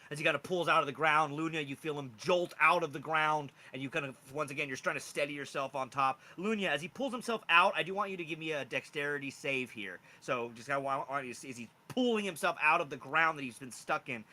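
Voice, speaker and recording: Man, game master, casual rambling narration, very bright tone. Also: a little high, lively intonation, brisk. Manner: casual, rambling, many fillers.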